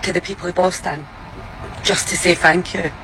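Scottish woman, heartfelt flat delivery. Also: on the low side, normal speed, slight background noise, low-quality recording. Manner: heartfelt and grateful. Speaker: visitor giving a message in a clip. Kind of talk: heartfelt spoken message.

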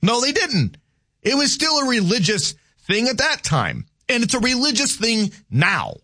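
A man's voice: very high-pitched, huge pitch swings, unhurried, bright, forceful tone. A man hosting a talk radio show, giving opinions in a loose conversational monologue and reading listener texts aloud.

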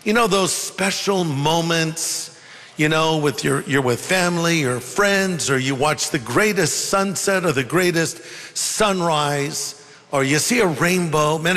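A man's voice: on the high side, a bit bright, in a large hall. A male pastor preaching a sermon in a conversational storytelling way, with humorous asides.

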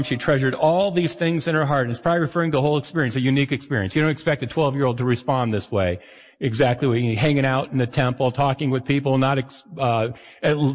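A male pastor preaches in a casual, talky way and slips into little acted voices for the people in his story. His voice sits at an ordinary middle pitch. A long hall reverb trails behind every word. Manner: conversational, animated, acts out quoted voices. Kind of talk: sermon.

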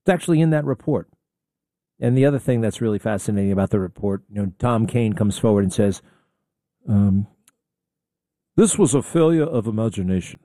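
Sarcastic rambling talk radio host. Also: male voice, on the low side, brisk, dark tone, no echo, clean studio sound. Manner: rambling, sarcastic, offhand asides. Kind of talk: opinionated talk radio commentary.

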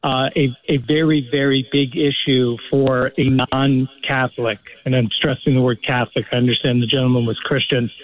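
A man calling in to a radio show, speaking earnestly and haltingly, often restarting his sentences. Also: medium pitch, flat delivery. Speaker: caller. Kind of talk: phone-in call. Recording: tinny phone line.

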